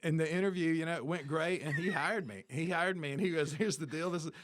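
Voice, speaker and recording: A man's voice: fairly high pitch, fast, background noise. A man in his fifties tells his story as an interview guest, in easy, casual talk. He acts out the people in it, dropping into their lines as he goes. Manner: animated storyteller, acts out dialogue.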